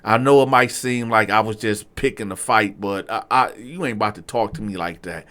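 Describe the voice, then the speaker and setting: A man telling a story to his viewers in a casual, animated and profane way, with frequent asides to the audience. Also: fairly low pitch, moderate pace, hardly any pauses. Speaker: storyteller, channel host.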